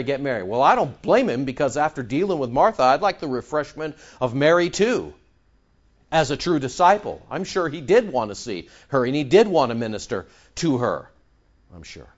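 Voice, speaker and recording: A man's voice: medium pitch, dull audio. A man preaching a sermon to his congregation. He asks rhetorical questions and repeats phrases for emphasis. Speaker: pastor.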